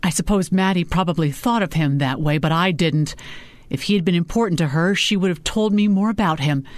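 A woman reading the part of a grieving father near seventy, warm but insistent and bitter. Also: lowish voice, fairly quick, no echo, close to an everyday voice. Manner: insistent and heated. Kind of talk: audiobook character reading.

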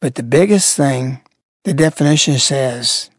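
Slow, sarcastic older man commentating. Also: high-pitched, animated, dry recording, clean studio sound. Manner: sarcastic, mocking. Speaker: religious broadcaster. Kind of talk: commentary on played clips.

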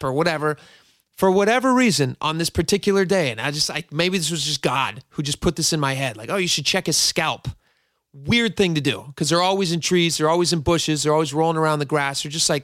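A man's voice: on the high side, a bit bright, no echo, studio quality. A middle-aged man hosting a radio show, telling a long rambling story with many asides. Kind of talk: casual talk radio monologue.

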